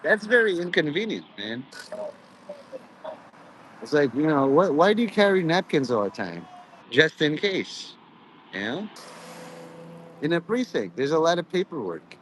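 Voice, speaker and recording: A man rambles through a meandering, profane monologue packed with "you know," jumping into mock-preachy asides and drifting into quoted voices. His sing-song voice is on the high side, a little slow, with frequent pauses, and the poor audio has a bit of hiss or hum.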